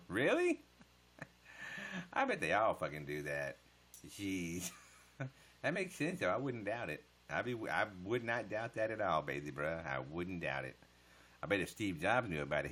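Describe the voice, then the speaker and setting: Guy w a really low voice but big swings in pitch, cussing and cracking jokes at chat on a webcam stream. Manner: joking, profane smart-aleck banter. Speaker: livestreamer. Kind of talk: casual livestream chat answering viewer comments.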